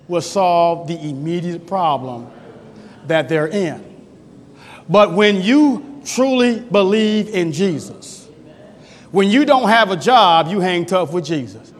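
A male pastor preaching a sermon in a church, swinging between loud, emphatic shouting and low, quiet passages. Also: animated, slow pace. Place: church sanctuary. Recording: long hall reverb.

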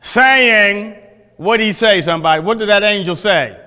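High, bright-voiced preacher. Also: male voice, moderate pace, clean tone. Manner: folksy, asks the class questions, frequent restarts. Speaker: Bible teacher. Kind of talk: Bible study teaching. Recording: echoey hall.

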